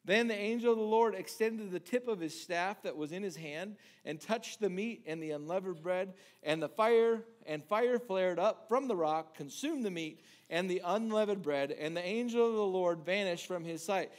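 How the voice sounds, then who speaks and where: Male pastor, high voice, chatty sermon delivery with restarts and acted-out quotes. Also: moderate pace, hardly any pauses. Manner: conversational, restarts words, acts out scripture lines.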